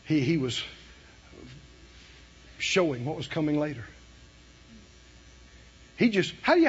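A man preaching a sermon, emphatic, dropping to a hush and then rising to shouts. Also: on the high side, big pitch swings, takes it slowly, long pauses, husky, dull audio. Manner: emphatic, swinging from hushed to shouting, with laughs.

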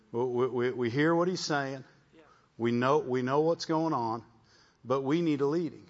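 A man's voice: medium pitch, normal speed. Muffled lo-fi recording of a preaching man. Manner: repeats words, calls out "Amen?". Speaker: pastor. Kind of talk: sermon testimony.

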